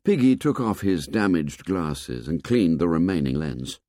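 A man narrating an audiobook with expressive storytelling. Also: low voice, unhurried, dry recording, studio quality. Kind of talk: scripted narration.

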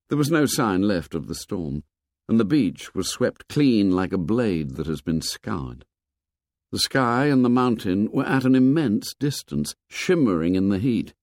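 A low-leaning man's voice tells a novel in a measured, expressive audiobook style. The recording is dry and studio-clean.

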